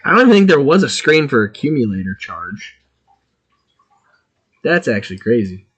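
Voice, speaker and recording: Animated man chatting through a game stream. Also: mid-range voice, normal speed, breathy edge. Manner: chatty, excitable, thinking aloud while playing. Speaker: gaming streamer.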